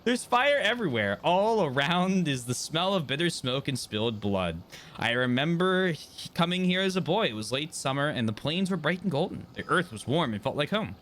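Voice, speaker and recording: A man's voice: on the high side, very animated, normal speed, fairly bright tone, a little hiss or hum. A man reading aloud as a homesick elf-blooded man mourning his war-torn homeland, with small stumbles. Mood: mournful. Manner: reads game dialogue aloud with small stumbles.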